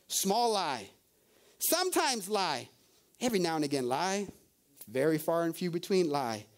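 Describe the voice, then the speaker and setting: Very high-voiced male preacher. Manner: rhetorical questions with call-outs to the congregation. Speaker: pastor. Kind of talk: sermon. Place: church service.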